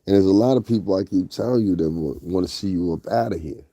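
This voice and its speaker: A Northeastern US man runs a commentary vlog, delivering gossip to his viewers fast, bluntly, and with profanity. His voice sits fairly low and mellow, and the close, dry recording has no room sound and a muffled quality.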